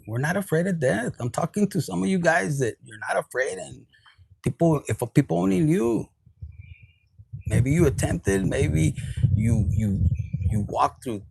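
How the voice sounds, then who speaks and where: Tarot reader, male, somewhat high, husky, dry close sound, casual and profane. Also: a little mellow, no echo, poor audio. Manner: casual, profane, mixes in Spanish words. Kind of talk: spiritual reading monologue.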